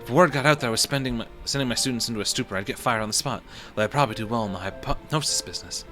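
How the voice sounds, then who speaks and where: A man's voice: mid-range voice, racing. A male streamer reading a visual novel aloud in plain narration, adding his own reactions now and then. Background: music.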